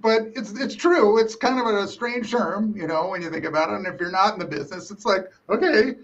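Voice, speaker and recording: A man hosting a casual interview, reacting quickly and laughing often. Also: high-pitched, fairly even intonation, a bit bright, far from the mic, dull audio. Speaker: host.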